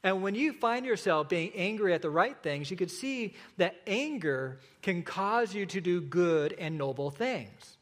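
A man preaching a sermon as a pastor, earnest and emphatic, slowing down for repeated points. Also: high voice, expressive, big-room sound.

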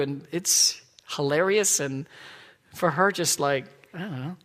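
A middle-aged man preaching a sermon in a church, earnest and emphatic, dropping to soft asides. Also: fairly high pitch, a little slow, big-room sound. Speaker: pastor. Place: church sanctuary.

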